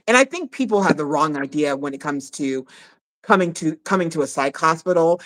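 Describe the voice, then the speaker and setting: A man in a casual live discussion, speaking as a guest psych nurse. He talks excitedly and haltingly, often repeating words while he gathers his thoughts. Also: on the high side, rough recording.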